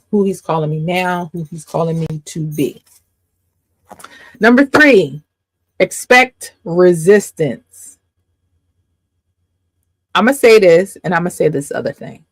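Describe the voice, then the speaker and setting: A woman coach giving a casual faith teaching to camera, emphatic and repeating her points with quick asides. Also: medium pitch, no echo.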